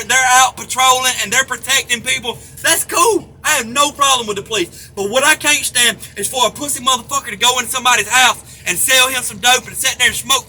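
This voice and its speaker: A man's voice: extremely high pitch, bright, forceful tone. A middle-aged man, ranting angrily and profanely to the camera. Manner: heated, profane, repetitive. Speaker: vlogger. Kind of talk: angry rant to camera. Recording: faint background noise.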